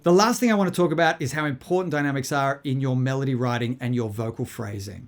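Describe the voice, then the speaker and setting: A man's voice: a little high, expressive, fairly quick, hardly any pauses. Methodical male guitar-teaching voice. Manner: clear, methodical explaining. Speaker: songwriting teacher. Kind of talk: instructional lesson with guitar demonstrations. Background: his own guitar playing.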